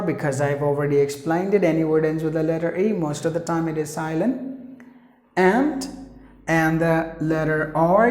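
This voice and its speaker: A man's voice: on the high side, a little mellow, roomy sound. A man teaching pronunciation, repeating each word several times to drill it. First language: Tamil. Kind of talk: pronunciation lesson.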